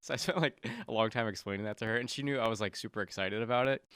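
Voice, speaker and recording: A man co-hosting a podcast, chatting in a relaxed, easygoing way. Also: lowish voice, rapid-fire, smooth, no room sound, studio quality. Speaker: podcast co-host. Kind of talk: casual chat.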